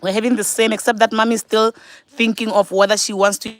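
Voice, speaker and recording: A woman with a high voice talks warmly and animatedly at her breakfast table, cheering on her little boys. She turns now and then to address her followers, in the loose flow of a home vlog. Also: fairly quick. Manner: animated, coaxing and praising her young sons. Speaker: vlogger and mother. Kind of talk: casual family vlog.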